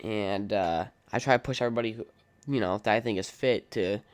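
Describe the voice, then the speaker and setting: This podcast host, a young adult man, speaks in a lowish, fairly quick voice with a clean tone and no echo. His casual solo rant is opinionated, blunt and profane, filled with "like" and "um."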